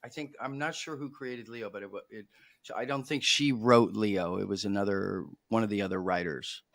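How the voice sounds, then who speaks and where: A man co-hosting a recap podcast, explaining things at length in a relaxed, joking chat. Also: fairly low pitch, normal speed, creaky, dry recording. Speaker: podcast co-host. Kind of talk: casual chat.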